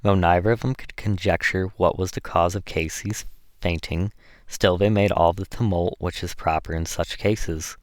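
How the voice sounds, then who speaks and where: A man narrating a classic novel as an audiobook, reading in a measured way with small slips. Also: low voice, steady tone, no room sound.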